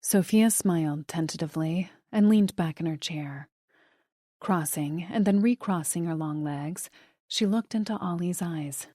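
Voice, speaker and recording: A woman narrating a first-person thriller audiobook in a steady, measured way. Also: on the low side, no room sound, studio quality.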